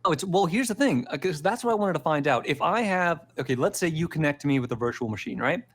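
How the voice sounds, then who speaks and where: A man's voice: on the high side, lively intonation, fast, a bit bright. A man co-hosting a tech podcast, telling stories in a rambling, casual chat and laughing easily. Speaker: podcast co-host.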